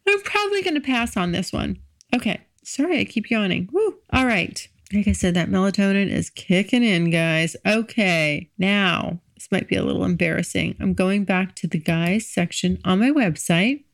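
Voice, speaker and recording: A woman's voice: medium pitch, expressive, moderate pace, creaky, no echo, clean studio sound. Frank, chatty woman podcast host. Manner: frank, chatty, laughs easily. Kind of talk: casual solo podcast monologue.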